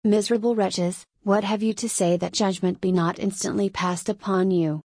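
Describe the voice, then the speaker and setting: A calm and ironic king, voiced by a woman reading the story aloud, speaks in a slow, measured, deliberate way. His voice sits at an ordinary middle pitch. The sound is dry, with no room around it. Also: slightly rough, dry recording. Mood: stern. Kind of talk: audiobook reading.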